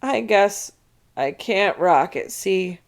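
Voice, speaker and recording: A woman's voice: medium pitch, lively intonation, slow. A woman voicing a queasy young schoolboy who mumbles weakly in a storybook read-aloud. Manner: weak, mumbling.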